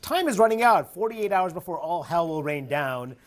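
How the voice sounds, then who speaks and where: A man anchoring a news broadcast, his pitch moving in a lively way as he reads out quotes. He pushes his guest with pointed questions. He speaks in a polished broadcast manner. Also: moderate pace.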